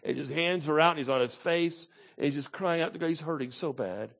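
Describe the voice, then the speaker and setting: A man preaching a sermon, drops to low, quiet asides, then rises to loud, high, pleading tones as he voices the psalmist. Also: fairly quick, vocal fry. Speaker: pastor.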